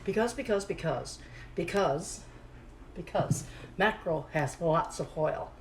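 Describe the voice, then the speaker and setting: A woman chatting casually as she cooks in her home kitchen, repeating her phrases and talking to herself in a slightly hushed voice. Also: unhurried, a little hiss or hum, low-quality recording. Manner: talking a little low and hushed. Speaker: home cooking vlogger. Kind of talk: casual cooking chat to camera. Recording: home kitchen recording, audible pan sizzle. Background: frying pan sizzling.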